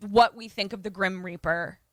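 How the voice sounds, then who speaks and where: Speaking at normal speed and medium pitch, with no echo, a female podcast co-host recaps a movie casually. Her retelling is animated, and she acts out the characters' lines.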